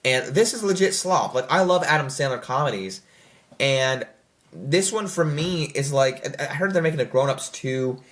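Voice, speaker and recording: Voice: mid-range voice, animated, normal speed, fairly bright tone. A young adult film reviewer in casual, rambling commentary, full of fillers and self-corrections, who slips into mocking quoted voices.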